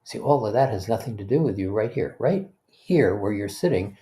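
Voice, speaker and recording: A man as a spiritual teacher, leading a guided meditation talk in a gentle, unhurried way, pausing for breaths and restarting phrases conversationally. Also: on the low side, expressive. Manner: gentle, unhurried, leads listeners through breaths.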